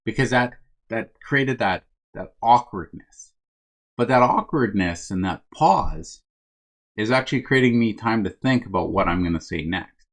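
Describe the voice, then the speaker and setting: A man's voice: on the low side, expressive, unhurried. Man coaching in a conversational self-help talk. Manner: conversational, keeps checking in with "right?"; addresses listeners as "my friends". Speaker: first responder wellness coach.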